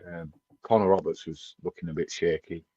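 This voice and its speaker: A man's voice: deep voice, steady tone, normal speed, mellow, breathy edge, no room sound, dull audio. A man co-hosting a casual football podcast, blunt and sweary, mock-ranting. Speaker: podcast co-host.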